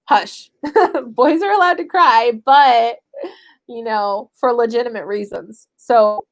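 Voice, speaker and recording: A young adult woman and mother, chatting casually to camera in a lively, animated way. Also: on the high side, slow. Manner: chatty, animated, acts out what she tells her kids. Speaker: stay-at-home mother starting homeschooling. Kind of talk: casual vlog chat.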